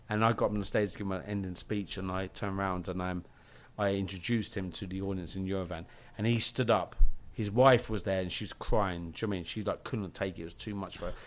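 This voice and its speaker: A man talks about his documentary at a fast clip with a lowish voice. He is emphatic and profane, often restarting his sentences mid-thought. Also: fairly even intonation. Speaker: documentary director guest. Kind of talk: animated podcast storytelling.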